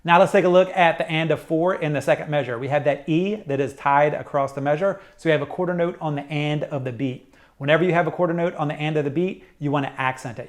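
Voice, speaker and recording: A middle-aged man teaching a saxophone lesson, explaining jazz articulation step by step in a clear, methodical way. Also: on the high side. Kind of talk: instructional music lesson.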